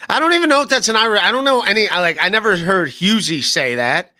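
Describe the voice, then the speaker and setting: A man hosting a podcast, chatting casually and breaking into quick mimicking voices. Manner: animated, mimics people with sudden jumps in pitch. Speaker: podcast host. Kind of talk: casual livestream chat.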